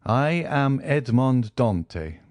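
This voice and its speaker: A man voicing a stern male count, speaking slowly, solemnly and deliberately. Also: mid-range voice, sing-song, a little mellow, no room sound, voice pushed up. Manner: slow, solemn and measured.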